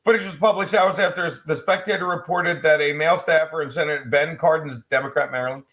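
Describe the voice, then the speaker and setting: A man with a somewhat high-pitched voice chatting on a casual livestream. He reads a news article out loud and keeps cutting in with sarcastic, profane remarks. His delivery is loose and unscripted. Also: steady tone, fast. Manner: sarcastic asides, swears freely. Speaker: livestream co-host. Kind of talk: casual livestream chat, reading news aloud.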